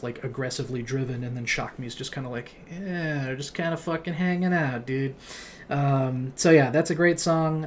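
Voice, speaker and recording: A young man casually reviewing an album, relaxed and rambling, with many fillers and laughs. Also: medium pitch, a little hiss or hum. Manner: relaxed, lots of ums and likes, laughs often. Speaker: music vlogger.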